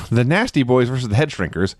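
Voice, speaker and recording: A man co-hosting a podcast, telling a story in a casual, animated way and acting out the quotes he tells. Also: medium pitch, brisk, no room sound. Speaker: podcast co-host. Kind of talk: casual recap chat.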